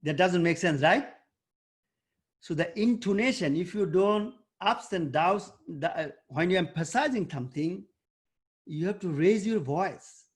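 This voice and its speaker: A man teaching an online debate workshop over a video call. He coaches and quizzes students by name, and he often pauses and searches for words with fillers. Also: sits high, animated.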